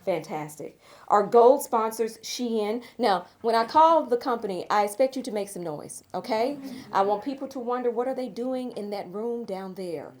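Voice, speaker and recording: A woman's voice: a little high, expressive, normal speed, darkish tone. A middle-aged woman from Tennessee with a Southern accent, hosting a charity awards evening in a chatty, self-teasing way. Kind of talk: live speech to an audience. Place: event room with a live audience. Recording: live room with crowd noise.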